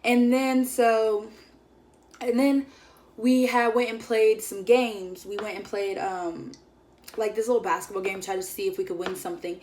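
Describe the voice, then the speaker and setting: A woman's voice: mid-range voice, steady tone, unhurried, a little mellow, a little hiss or hum. A young woman vlogger telling a story in a casual, chatty way, full of "like" and acted-out quotes of her friends. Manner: chatty, filler-heavy, acts out quoted friends.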